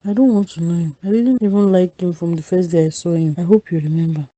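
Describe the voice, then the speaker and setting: A woman's voice: on the low side, fairly even intonation, fast, dark tone, dry recording, lightly acted. A woman playing a protective Nigerian mother. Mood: firm, tender. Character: protective mother scolding her grown daughter. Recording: dull lo-fi dry sound.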